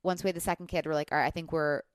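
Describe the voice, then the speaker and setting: A woman's voice: low-pitched, fairly even intonation, racing, clear, resonant tone, dry recording, clean studio sound. A woman from the Midwest in her thirties, a guest in a casual chat, talking freely with lots of fillers and restarts. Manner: chatty, many fillers and restarts. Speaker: podcast guest.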